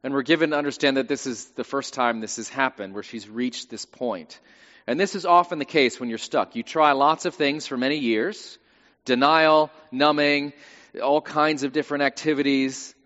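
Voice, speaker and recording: A man's voice: mid-range voice, moderate pace, a bit bright. A male pastor preaching a sermon in a conversational way with wry humor, recorded in a church with a dull, lo-fi sound and long reverb.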